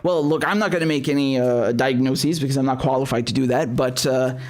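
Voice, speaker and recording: A man's voice: mid-range voice, brisk, darkish tone. A man hosting a live stream, commenting bluntly with heavy swearing and many restarts, then reading viewer chats. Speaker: show host.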